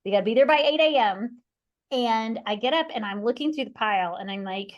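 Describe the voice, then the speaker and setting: A woman in her forties hosts a conversational podcast. She tells stories expressively, slipping into quoted voices of her family and herself. Her delivery is rambling and animated, with restarts and bursts of laughter along the way. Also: mid-range voice, brisk, highs cut off. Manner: animated storyteller who acts out quoted voices. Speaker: podcast host.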